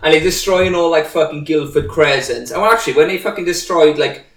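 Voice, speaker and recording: A man's voice: fairly high pitch, brisk, a bit bright. A man from Cardiff, chatting casually at home and ranting with constant swearing, recorded in a roomy house at a distance from the mic. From Cardiff, Wales. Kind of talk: casual chat.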